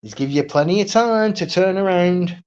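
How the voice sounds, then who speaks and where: A man's voice: high voice, normal speed, a little mellow, clean tone, muffled recording. A man ranting on his own live stream, blunt and profane, repeating himself and asking "right?" again and again. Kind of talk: solo livestream rant.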